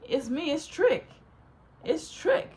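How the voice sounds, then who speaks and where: A woman voicing a pushy, clingy young man who talks loud and crude. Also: extremely high pitch, very animated, slow pace, pitched above the performer's own voice, heavily acted.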